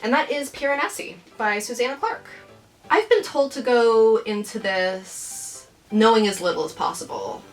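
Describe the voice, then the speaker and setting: A young adult woman hosting a casual reading vlog, chatting about her new books in a playful, rambling, self-deprecating way. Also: medium pitch. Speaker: book vlogger.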